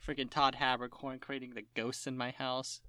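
Podcast cohost going off, swears a ton, does mocking voices, mid pitch, dry sound. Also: normal speed, no room sound. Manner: animated ranting with profanity and mock quotes. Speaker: podcast co-host. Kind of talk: casual chat.

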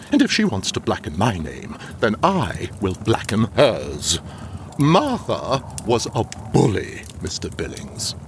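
Prim old butler, lowish voice, swings all over in pitch, gets indignant. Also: male voice, a bit bright, slight background noise, exaggerated voice. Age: older. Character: old loyal butler, defensive and touchy. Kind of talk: radio drama acting.

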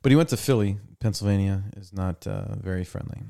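Here the young male host talks fairly quickly, his lowish voice gravelly. It's casual podcast banter recorded on a studio mic, full of animated storytelling where he voices the characters' lines.

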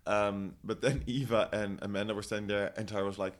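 A young man with a fairly low voice co-hosts a podcast in casual chat. He talks in a relaxed, often quiet way and hedges his points as he goes. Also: fairly quick. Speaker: podcast co-host.

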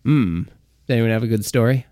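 A man co-hosting a podcast, chatting casually and asking relaxed questions. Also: mid-range voice, a little fast, faint music behind. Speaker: podcast co-host. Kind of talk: casual chat.

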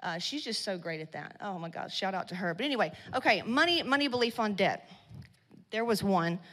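A woman giving a blunt, profane motivational talk to a live audience at a women's business event. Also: medium pitch. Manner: blunt, swearing, slangy and loud in bursts. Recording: long hall reverb.

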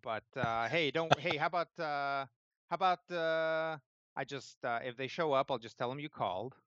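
Man doing a stammering, evasive old bird innkeeper, raised pitch. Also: moderate pace, fairly bright tone, clean tone, no room sound, lightly acted. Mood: nervous. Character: nervous, fast-talking old bird innkeeper. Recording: slightly muffled lo-fi sound.

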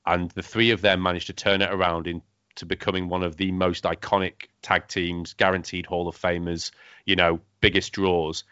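A man hosting a casual wrestling podcast chat, talking quickly with lots of fillers and restarts. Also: low voice, flat delivery, bright, forceful tone, clear, resonant tone, dry recording. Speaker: podcast host. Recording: dull lo-fi sound, dry.

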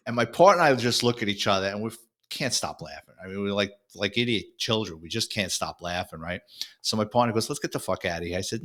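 A man, a former police officer, telling a story in an animated, easygoing way. He acts out quoted lines from the people in it as he goes. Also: medium pitch, a little fast. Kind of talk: casual storytelling chat.

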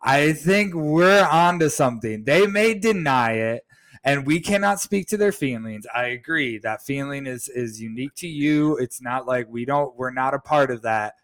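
A man's voice: mid-range voice, normal speed, fairly bright tone. Joking male co-host in casual chat. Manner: joking, teasing, repeats his point. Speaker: podcast co-host.

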